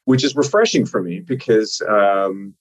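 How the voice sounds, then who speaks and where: A man's voice: fairly low pitch, a little slow. A man from Newfoundland with a Newfoundland accent, chatting casually as a guest over a remote call, with many fillers and restarts. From Newfoundland, Canada. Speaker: government minister, podcast guest. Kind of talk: casual interview talk. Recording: dull lo-fi remote audio.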